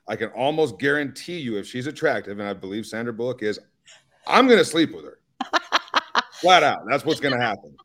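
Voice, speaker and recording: A man's voice: medium pitch, a bit bright. A man co-hosting a podcast, blunt and teasing in casual chat. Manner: blunt, teasing, laughs easily. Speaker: podcast co-host.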